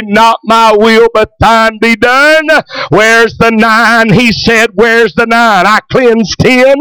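A male pastor preaching a fervent sermon, full of amens and hallelujahs and bursts of shouting. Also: high-pitched, clear, resonant tone, no echo, rough recording.

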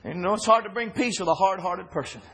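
High-voiced man preaching, husky, fervent, shouting bursts, church sermon. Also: low-quality recording. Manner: fervent, builds to shouting with 'uh' pauses and 'woo'.

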